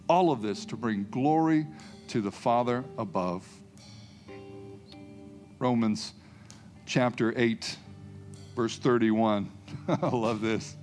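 A man's voice: mid-range voice, expressive, slow pace, long pauses, soft background music. A man preaching a sermon, emphatic, repeating key phrases and calling out hallelujah.

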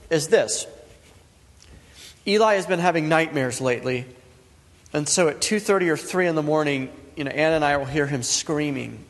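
A man in his thirties preaches a sermon in an earnest, conversational manner, building his points through repetition. His voice sits a little high for a man. A long reverb from the church hall trails behind every phrase. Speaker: pastor.

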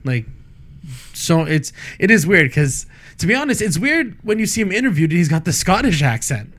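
A man's voice: high-pitched, big pitch swings, moderate pace, a bit bright. A man co-hosting a casual film review chat, rambling with many restarts. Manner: rambling, frequent restarts and fillers. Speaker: podcast co-host.

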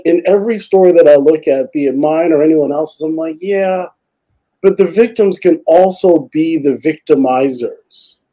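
Earnest man in casual talk, slightly higher voice, mellow tone, swears, rambles. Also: rough recording. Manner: earnest, profane, rambling with many "like"s. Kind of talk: casual podcast conversation.

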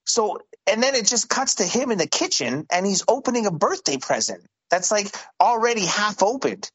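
A man's voice: high-pitched, big pitch swings, moderate pace, a bit bright, husky, no echo. A man from Canada rambling through a story in casual, profane podcast banter, with many restarts. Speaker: podcast co-host. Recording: dull lo-fi dry sound.

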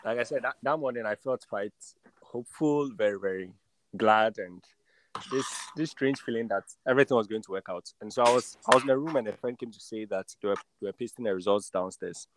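A man's voice: fairly low pitch, brisk. A young man, a doctor, telling his story casually, often stumbling and repeating words. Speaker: doctor guest. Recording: noticeable background noise.

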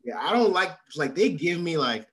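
A man's voice: a little high, very animated, moderate pace, slight background noise. Chill young guy cohosting a podcast, swearing, voice swings up and down a lot. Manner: laid-back, profane, trailing off quietly. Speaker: podcast co-host. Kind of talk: casual chat.

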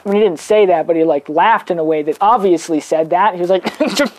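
Speaking fast in a lowish voice, a young woman shares a personal story on her podcast. She keeps it casual and lively, cursing and imitating the people she quotes.

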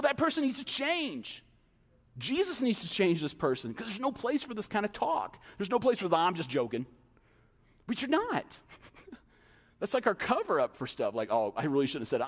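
A man preaching a sermon as pastor, animated, dropping into quick mimicked asides. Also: high-pitched. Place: church sanctuary. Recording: long hall reverb.

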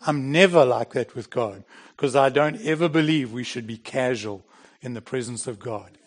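A man's voice: medium pitch, moderate pace. A middle-aged man preaching a sermon in a plain, conversational way, with bursts of emphasis. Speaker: pastor.

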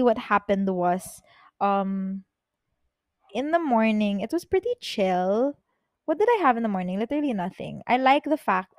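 A young woman, hosting a podcast and telling personal stories in an excitable, rambling way, swearing freely. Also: mid-range voice, no echo. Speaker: podcast host. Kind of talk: casual personal storytelling. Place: bedroom, on her bed.

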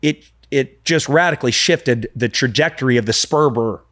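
A man's voice: medium pitch, normal speed, fairly bright tone. A man in his thirties, a real estate investor talking earnestly as a podcast guest, often restarting sentences. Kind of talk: casual podcast conversation.

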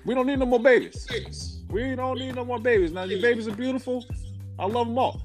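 A man doing an impression of a former president, reading a mock public service announcement in a raised, measured voice. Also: very high-pitched, faint music behind, pitched above the performer's own voice. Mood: mock PSA.

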